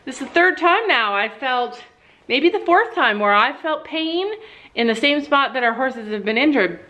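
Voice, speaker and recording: A woman's voice: high voice, animated, normal speed, sharp tone, highs cut off, a little hiss or hum. An older woman, a grandmother, chatting casually in a vlog while walking around her farm, switching into baby talk for a toddler and the animals. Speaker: vlogger. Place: outdoors at a farm and barn.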